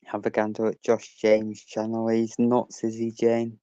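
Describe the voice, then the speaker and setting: A man's voice: fairly low pitch, monotone, unhurried, dark tone, smooth, no echo, highs cut off. A man hosting a casual live stream, chatting with viewers and greeting them by name.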